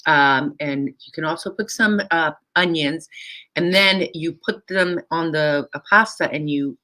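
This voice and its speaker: A woman's voice: deep voice, a little slow, pushed and bright. A woman hosting a casual live stream, chatting with hesitant fillers as she reads out viewer comments. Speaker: host.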